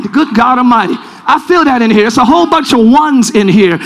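A man preaching a live church sermon, leading the congregation in call-and-response and often shouting. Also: very high-pitched, expressive, fast, hardly any pauses. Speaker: pastor. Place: large church sanctuary.

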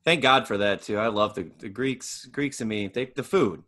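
A man's voice: fairly low pitch, normal speed, fairly bright tone. A man co-hosting a podcast, laughing often and stammering through crude jokes. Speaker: podcast co-host. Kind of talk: casual crude banter.

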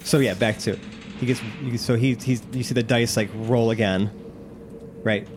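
A man running a tabletop game, talking at an average pitch in a loose, rambling way full of fillers. A faint background noise sits under his voice. He describes scenes for his players. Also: fairly even intonation, normal speed. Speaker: game master.

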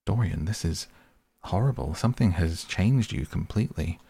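A man's voice: low-pitched, expressive, normal speed, vocal fry, warm tone, breathy edge, no echo, full character voice. A man voicing an older male painter who speaks in an anguished, reproachful, pleading way.

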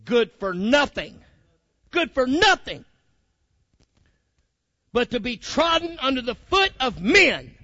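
High-voiced fiery preacher. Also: male voice, big pitch swings, slow pace, long pauses, pushed and bright, no room sound. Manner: fiery and colloquial, calls out to the congregation. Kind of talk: sermon. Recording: muffled lo-fi recording.

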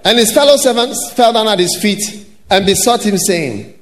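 Man, pastor, high voice, shouting sermon, echoing church hall, faint hiss. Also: animated, normal speed. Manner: shouted, sing-song preaching with laughter and mimicry. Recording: hall reverb with faint noise.

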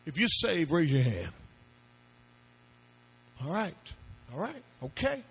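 A man's voice: fairly high pitch, big pitch swings, takes it slowly, creaky, fairly bright tone, slightly rough. A male pastor preaching a sermon to a congregation, with emphatic call-and-response questions and phrases that he sings out. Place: church before a congregation.

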